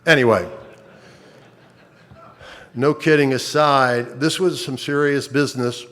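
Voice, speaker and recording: An older man speaking into a stage mic at a conference, telling his own story. His voice sits at a middling pitch, and his delivery is conversational, with wry asides and frequent halting restarts. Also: steady tone, fairly bright tone. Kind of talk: personal testimony talk.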